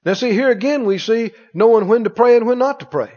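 A man's voice: very high-pitched, brisk, darkish tone. A man preaching a sermon, acting out scripture voices and firing rhetorical questions at the congregation. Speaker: pastor. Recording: dull sound with long hall reverb.

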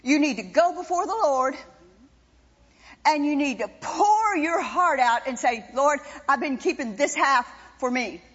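Woman preacher, very high voice, lively swings, emphatic sermon, long hall reverb, dull lo-fi sound. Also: measured pace. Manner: impassioned, emphatic, repetitive preaching.

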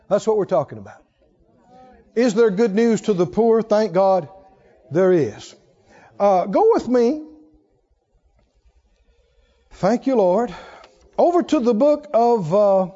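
A male pastor preaching a sermon in a large church, animated and chuckling, firing rhetorical questions at the congregation. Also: extremely high pitch, a little slow, long pauses. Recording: dull lo-fi sermon recording.

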